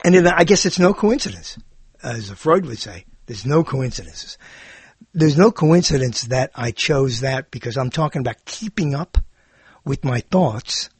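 A man giving a rambling spoken monologue, animated and digressive, often correcting himself mid-sentence. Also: medium pitch, measured pace, slightly rough, dry recording. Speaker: monologue speaker.

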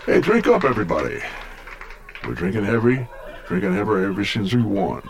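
In a brisk club routine, a stand-up comic plays a brash Brooklyn lounge act and insults the audience. His fairly low, gravelly voice jumps around in pitch as he lands insult jokes.

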